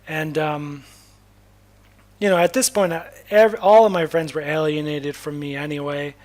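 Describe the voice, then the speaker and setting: Young man from Massachusetts, slightly high voice, candid and rambling, casual personal storytelling with frequent restarts and swearing. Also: fairly even intonation, normal speed, darkish tone. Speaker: spiritual vlogger.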